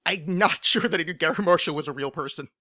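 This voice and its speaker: Male podcast guest: bright, tense-edged voice, rambling casual chat. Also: fairly high pitch, fast talker, no echo, studio quality. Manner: rambling, self-interrupting, laughing.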